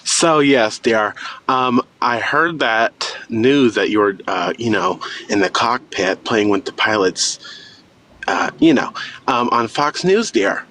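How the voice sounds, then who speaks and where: A man's voice: mid-range voice, animated, takes it slowly, pushed and bright, pitched below the performer's own voice. A man putting on a teasing caller's voice who keeps calling the host dear, a guest on a live stream. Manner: calls everyone dear, gossipy teasing.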